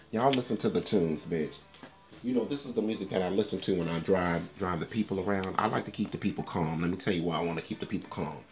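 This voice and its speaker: Sassy deep-voiced man chatting live. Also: gravelly, a little mellow. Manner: sassy, swears freely, addresses viewers directly. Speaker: livestream host. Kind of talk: casual livestream chat. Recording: faint music in the background. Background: faint music.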